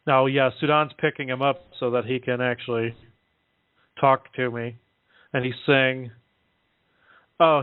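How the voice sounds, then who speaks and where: A man talking casually on a call-in show, halting often with fillers as he relays what he is told. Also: medium pitch, clean tone, no room sound. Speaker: guest relaying contact reports. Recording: dry tinny phone line.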